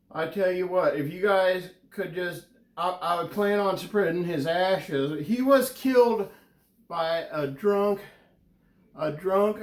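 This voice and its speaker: A man playing a rambling, grieving man from Vermont who tells an absurd story deadpan and stumbles over his words. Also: sits high, echoey room. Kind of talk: comedic character monologue.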